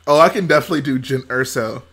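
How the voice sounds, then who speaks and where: A man's voice: mid-range voice, fast, vocal fry, fairly bright tone, breathy edge. A man hosting a casual livestream, reading chat aloud, laughing often and trying out movie-quote impressions. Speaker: livestream host.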